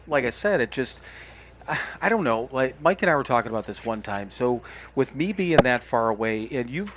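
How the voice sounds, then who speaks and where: A man's voice: mid-range voice, a bit bright. Middle-aged man, candid, reflective, restarts often, conversational. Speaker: podcast co-host. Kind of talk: casual candid podcast talk.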